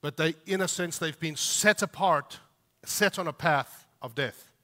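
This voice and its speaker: A man preaching a sermon with emphasis. He lifts his voice when he reads scripture and drops low for quiet asides. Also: a little slow. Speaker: pastor. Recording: long reverb of a large hall.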